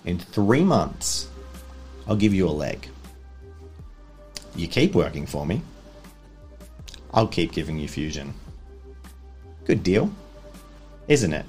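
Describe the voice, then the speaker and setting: Man playing a soft-spoken menacing crime boss. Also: sing-song, slow, long pauses, soft background music, full character voice. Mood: smug. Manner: soft, low, coaxing menace. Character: sinister male crime boss, calm and menacing.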